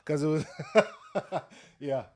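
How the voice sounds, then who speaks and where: A young man co-hosting a casual livestream, talking in relaxed slang and laughing often. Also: on the high side, drawn-out words. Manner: laid-back slang and frequent laughter. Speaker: co-host.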